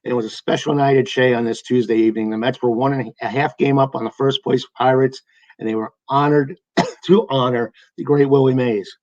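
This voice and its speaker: New man, baseball history host, eager storyteller, mid pitch, dry and slightly muffled mic. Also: steady tone, a little fast, a little mellow, dry recording. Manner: enthusiastic storyteller, reads lineups in a sing-song list. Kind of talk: scripted retelling of a past game.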